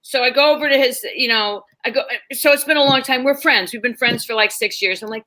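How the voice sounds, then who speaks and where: Bright-voiced bawdy woman comedian. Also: a little high, a little fast, few pauses. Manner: bawdy, animated, acts out quoted voices. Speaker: comedian guest. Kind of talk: casual storytelling chat.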